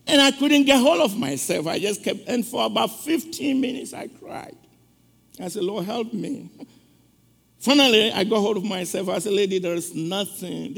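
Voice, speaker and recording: A man with a high voice and a rough, gravelly edge preaches a sermon. He tells an emotional story and throws questions out to the congregation. His voice rings out with a long reverb in a big church sanctuary. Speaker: guest preacher.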